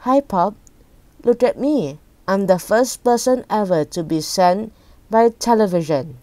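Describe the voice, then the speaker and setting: A woman voicing a tiny shrunken boy who is whiny and spoiled, in a squeaky higher voice. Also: expressive, a little slow, warm tone, dry recording, natural voice. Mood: cheerful.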